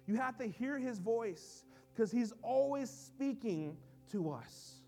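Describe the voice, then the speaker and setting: A man preaching as a pastor, swinging between soft low asides and loud emphatic lines, in a church. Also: expressive, takes it slowly, soft background music. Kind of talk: sermon. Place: church sanctuary.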